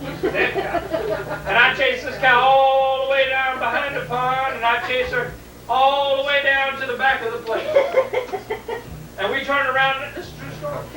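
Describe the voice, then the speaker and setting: A woman telling a long humorous story to a live audience in a folksy, drawn-out way. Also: high-pitched, fairly even intonation, a crowd in the background. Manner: folksy, drawn-out, vivid retelling. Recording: distant, roomy, noisy 1980s video recording.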